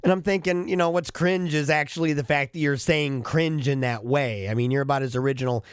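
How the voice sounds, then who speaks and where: A man vlogging in a casual monologue into a studio microphone, chatty, animated and poking fun at himself. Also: fairly high pitch, brisk, clean tone, no echo. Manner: chatty, self-mocking and animated. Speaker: vlogger and podcast host. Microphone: studio microphone with headphones.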